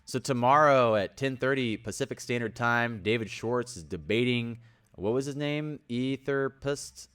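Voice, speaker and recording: A young man hosting a casual livestream, rambling and energetic, greeting viewers by name and sometimes yelling. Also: mid-range voice, unhurried, smooth. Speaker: livestream host.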